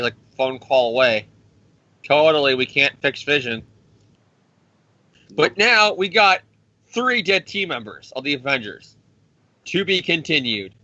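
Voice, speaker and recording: A man's voice: fairly high pitch, bright, forceful tone, dry recording, muffled recording. A man hosting a comics podcast, recapping a storyline in a profane, sarcastic way and stumbling over restarts. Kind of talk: casual comic recap with put-on voices.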